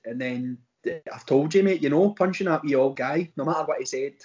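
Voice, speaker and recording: Glaswegian man, podcast co-host, rambly banter, slightly raised pitch, muffled lo-fi recording. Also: fairly quick, a little mellow. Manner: rambling, bantering, self-interrupting. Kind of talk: casual chat. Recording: dull lo-fi recording.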